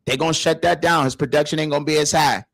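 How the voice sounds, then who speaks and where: An animated male sports-show host with a fairly high voice. He keeps the casual chat lively with exclamations and quick laughs. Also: gravelly.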